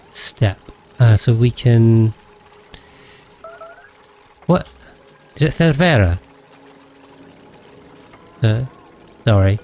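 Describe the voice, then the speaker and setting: A man's voice: on the low side, mellow, a little hiss or hum. A man rambling casually as he streams a game, thinking aloud and thanking his viewers. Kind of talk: casual gameplay livestream chat.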